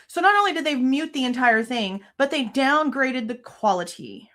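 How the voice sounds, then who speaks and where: A woman's voice: high-pitched, animated, normal speed, hardly any pauses, fairly bright tone. Angry woman venting on a livestream. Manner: angry, venting, frequent swearing. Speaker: true crime livestream host. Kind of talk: casual livestream commentary.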